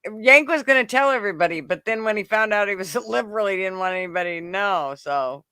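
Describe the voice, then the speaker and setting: A man's voice: high voice, expressive, quick pace, bright, forceful tone, smooth, dry recording, clean studio sound. An older man and grandparent hosting a casual livestream chat, gushing and giggly, rambling as he talks.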